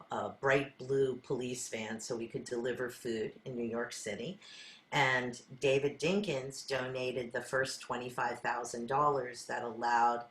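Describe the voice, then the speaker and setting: An older woman leading a class, telling her own stories in an earnest, conversational way and acting out her side of past conversations. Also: extremely low pitch. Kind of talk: storytelling talk to a group. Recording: roomy echo.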